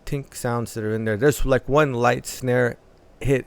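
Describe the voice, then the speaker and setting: A man hosting a music reaction channel, talking through a track in a thoughtful, analytical way with many filler pauses. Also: mid-range voice, steady tone, gravelly, clean tone.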